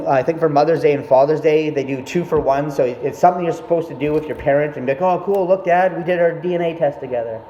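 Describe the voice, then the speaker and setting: Young dude ranting, swears a lot, kinda high voice, dull boomy room. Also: male voice, warm tone. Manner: rambling, profane, self-interrupting. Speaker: vlogger. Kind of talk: casual storytelling monologue. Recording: echoey, dull room sound with faint noise.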